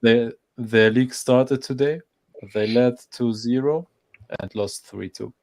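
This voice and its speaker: A man's voice: mid-range voice, a little slow. A man co-hosting a casual football watch-along, talking with many restarts and repeated words. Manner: hesitant, repeats words, trailing off softly. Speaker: co-host of a football show.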